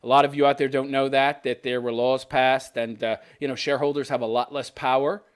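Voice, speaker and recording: A man in his fifties rants through political commentary on his podcast, speaking a little fast in a mid-range voice with flat delivery and a clean tone. He's sarcastic and scornful, laughing often along the way.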